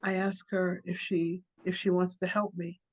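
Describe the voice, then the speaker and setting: A woman's voice: on the low side, level tone, moderate pace. Woman poet at an open mic, reading a story poem, rhythmic and chatty. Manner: rhythmic, conversational storytelling delivery. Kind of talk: poetry reading.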